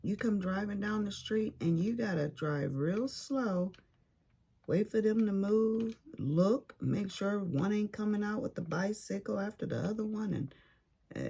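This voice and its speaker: A woman's voice: mid-range voice, gravelly, warm tone, slightly rough. A woman chatting casually while she crafts, telling stories about her family and neighbors with sassy asides. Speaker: craft vlogger.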